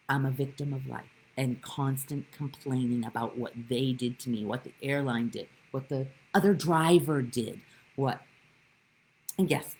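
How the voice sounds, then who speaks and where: A woman's voice: a bass voice, gravelly, a little mellow, slightly rough, rough recording. A woman giving a live-streamed spiritual talk, telling stories with animation and greeting viewers by name. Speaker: spiritual teacher.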